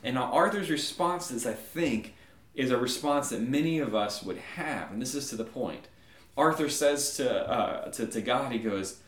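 A man preaching a sermon, animated and conversational, often checking in with a quick "right?". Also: medium pitch, echoey room. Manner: animated storytelling, frequent "right?" asides. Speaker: pastor.

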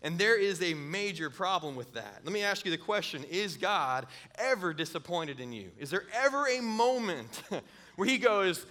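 A man's voice: sits high, sing-song, moderate pace, sharp tone. A middle-aged man preaching a sermon, earnest, often repeating words and chuckling as he goes.

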